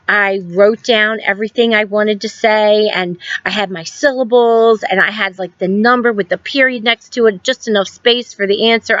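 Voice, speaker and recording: A woman in her fifties, a school guidance counselor giving a recorded lesson to students, telling a story gently with many ums and reflective questions. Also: mid-range voice, dull audio. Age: 50s.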